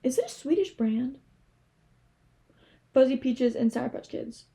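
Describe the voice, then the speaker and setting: A young woman from Canada rambling casually to camera, animated and swearing freely. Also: sits high, measured pace. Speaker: vlogger.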